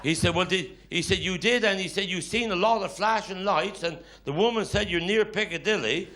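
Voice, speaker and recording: A man's voice: sits high, a little fast, bright, forceful tone, slight background noise. A Cornish man performing live stand-up comedy, telling dialect stories with grumbling quoted voices. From Cornwall. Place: live stage before an audience. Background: audience laughter.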